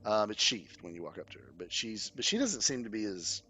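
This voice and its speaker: A man's voice: on the low side, sing-song, fairly quick, bright, forceful tone, slightly rough. A man narrating as game master in a tabletop game, casual and rambling with fillers.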